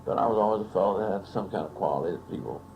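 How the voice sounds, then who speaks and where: A man's voice: low-pitched, very fast, darkish tone, low-quality recording. An older man from Texas telling family anecdotes in an oral history interview, in a relishing, raconteur's manner. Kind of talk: storytelling interview. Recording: archival audio with faint hiss.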